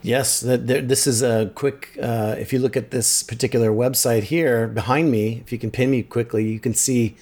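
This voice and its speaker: A man's voice: mid-range voice, steady tone, moderate pace, hardly any pauses, a little mellow. A man co-hosting a tech podcast, enthusiastically recommending tools and films. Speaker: podcast co-host. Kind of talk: casual tech podcast chat.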